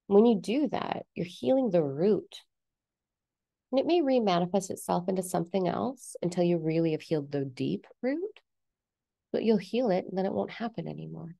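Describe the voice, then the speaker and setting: A woman giving a blunt, animated motivational rant to camera as a self-help vlogger, swearing casually. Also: on the low side, normal speed, gravelly, no echo, studio quality.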